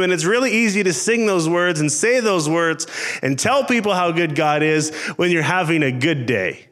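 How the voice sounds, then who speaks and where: Man preaching in church, pretty high voice, earnest and pleading, keeps repeating himself. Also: normal speed, fairly bright tone. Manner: earnest, pleading, repetitive phrasing. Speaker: pastor. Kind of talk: sermon. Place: church service before a congregation.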